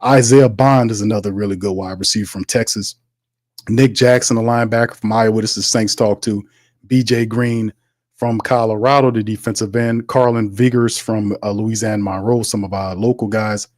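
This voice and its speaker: A man hosting a casual sports talk livestream, animated and slangy, calling his viewers fam and rambling loosely between points. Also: on the low side, moderate pace, dry recording, clean studio sound. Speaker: sports talk show host.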